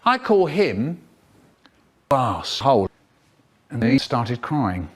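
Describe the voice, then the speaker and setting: A man reciting a comic poem in a measured, deliberate way. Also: medium pitch, very animated, slightly rough.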